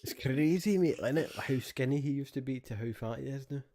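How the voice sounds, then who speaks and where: A man's voice: medium pitch, a little fast, warm tone. A young Scottish man co-hosting a podcast, chatting casually with lots of swearing, slang and laughter. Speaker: podcast co-host. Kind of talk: casual chat.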